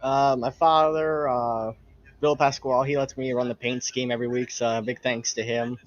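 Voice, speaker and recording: A man's voice: mid-range voice, little pitch movement, moderate pace, dry recording, lo-fi sound. A man being interviewed after the race from his room at home, tired and candid about his frustration.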